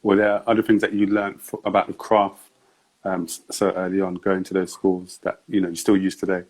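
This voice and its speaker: An easygoing man hosts a casual sit-down interview, nudging it along with short murmurs of agreement. His voice sits on the low side and stays relaxed and unhurried. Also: rough recording. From United Kingdom. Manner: easygoing, frequent "mm" affirmations, chuckles. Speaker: podcast host.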